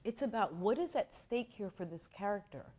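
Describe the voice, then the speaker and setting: Animated woman acting teacher telling stories. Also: mid-range voice, normal speed. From Miami. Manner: expressive storyteller who acts out quotes. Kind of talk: animated class talk with acted-out anecdotes.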